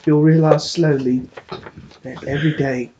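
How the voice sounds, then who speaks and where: A man doing a slow, deadpan mock narrator who speaks gloomy wisdom during a casual chat. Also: fairly high pitch, highs cut off, slight background noise, close to an everyday voice. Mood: mock-solemn. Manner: slow, drawn-out, deadpan delivery.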